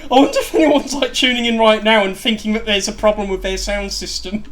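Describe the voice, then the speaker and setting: A man's voice: sits high, fairly even intonation, brisk, fairly bright tone, slight background noise. Chatty man hosting a livestream. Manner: rambling, self-deprecating, chatty. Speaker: livestream host. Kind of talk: casual chat on a gaming livestream.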